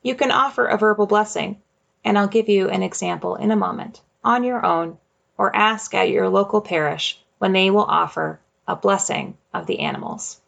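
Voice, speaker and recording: A woman hosting a faith podcast, reading her script in a measured, gentle way. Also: medium pitch, vocal fry, highs cut off. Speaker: podcast host.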